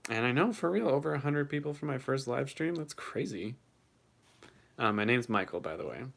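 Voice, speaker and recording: Gravelly-voiced young man chatting on a livestream. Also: mid-range voice, expressive, normal speed, a bit bright. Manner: chatty, reacts to chat messages, swears casually. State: voice shaking from cold. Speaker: livestream host reading chat. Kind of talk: casual livestream chat.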